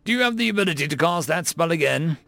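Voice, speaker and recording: A courteous winged servant, a touch high and gravelly, voiced by a male narrator. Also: lively intonation, fast talker, pushed and bright, no room sound, soft background music, heavily acted. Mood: deferential. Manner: deferential, addresses others as sir. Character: dutiful winged male familiar, polite and cautious.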